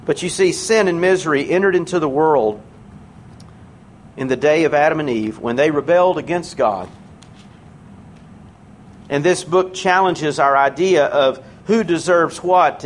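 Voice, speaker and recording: A man preaching a sermon in a church, conversational and earnest, slowing down to stress key words. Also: on the high side, a little hiss or hum.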